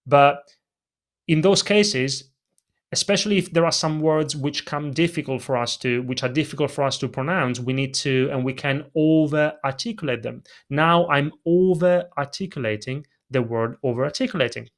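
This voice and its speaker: A man's voice: on the high side, moderate pace. A man with a non-native English accent, a presentation coach answering interview questions on a video call and acting out vocal emphasis as he explains it. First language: not English. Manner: animated, demonstrates vocal emphasis. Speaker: presentation coach, podcast guest.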